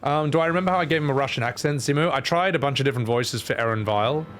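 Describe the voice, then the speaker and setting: A man's voice: mid-range voice, very fast, a bit bright, a little hiss or hum. A man with an Australian accent giving casual, sweary, self-mocking commentary while playing a game. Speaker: streamer.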